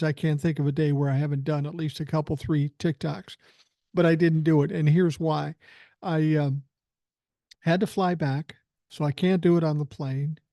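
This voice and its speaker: A man's voice: fairly high pitch, mellow, dry recording, studio quality. Chatty older man telling a story. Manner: rambling, chatty, with filler words. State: feeling unwell. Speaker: podcast host. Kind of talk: casual storytelling.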